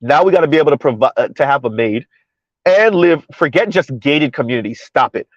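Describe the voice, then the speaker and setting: A man with a fairly high voice chats casually to his viewers from the driver's seat, repeating his points and laughing between them. The sound is dry and close, with a dull, muffled lo-fi edge. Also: animated, a little fast, dry recording. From South Florida. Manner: chatty, talks to viewers, repeats himself, laughs often. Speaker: commentary vlogger. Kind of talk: casual commentary while driving. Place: in a car driving through floodwater.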